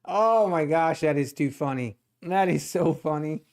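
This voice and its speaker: A man hosting a live day-trading stream, excitable, laughing often and repeating himself. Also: on the high side, a little slow. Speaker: day-trading livestream host.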